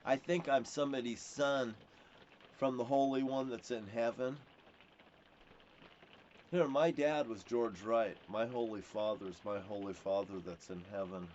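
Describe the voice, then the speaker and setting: A man's voice: mid-range voice, steady tone, a little slow, darkish tone. Aggrieved man ranting alone on camera, cursing nonstop and jumping between topics; muffled lo-fi recording. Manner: profane, swears constantly; rambling, jumps between topics. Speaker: self-proclaimed prophet. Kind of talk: rambling ranting monologue. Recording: dull lo-fi recording with faint hiss.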